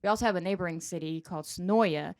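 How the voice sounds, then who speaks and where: A Southern woman hosts a casual podcast with a bubbly, giggly ease. Her voice sits a little low for a woman, and the sound is dry and close, with no room around it. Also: animated, brisk, no echo. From Georgia. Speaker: podcast host. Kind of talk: casual chat.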